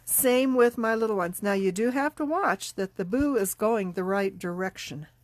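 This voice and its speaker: A woman's voice: mid-range voice, no room sound. A middle-aged woman with a stuffy, congested voice, chatting casually as she demonstrates card making. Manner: chatty, unhurried, talks while working. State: congested, sniffling. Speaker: card-making class teacher. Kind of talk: casual craft tutorial.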